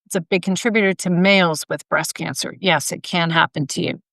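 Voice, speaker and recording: A woman's voice: lowish voice, fairly even intonation, fairly quick, gravelly, fairly bright tone, no room sound. A woman hosting a solo health podcast, talking informally with asides and self-corrections, a little tired and tongue-tied. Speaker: podcast host and health coach.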